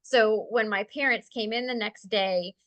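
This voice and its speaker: A woman telling a personal spiritual story in a casual, animated way. She laughs often, then slows and softens when she speaks of calm. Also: mid-range voice. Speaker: guest sharing a spiritual experience.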